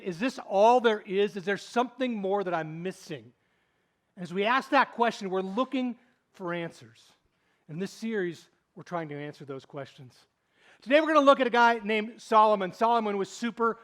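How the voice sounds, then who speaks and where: Male pastor, higher-pitched voice, animated sermon storyteller. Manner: animated storytelling, swinging between loud and hushed.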